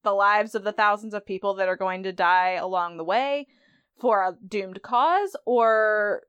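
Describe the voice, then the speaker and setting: Chatty woman host with a smooth voice. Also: mid-range voice, unhurried, fairly bright tone, no room sound, lo-fi sound. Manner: chatty, conversational, giggly. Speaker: podcast host. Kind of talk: casual TV episode recap.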